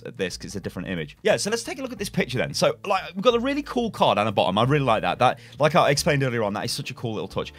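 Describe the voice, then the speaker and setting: A man's voice: medium pitch, a bit bright. A young man, a gaming YouTuber, casually reading game lore aloud and speculating, rambling with self-corrections and chuckles, at a desk webcam setup.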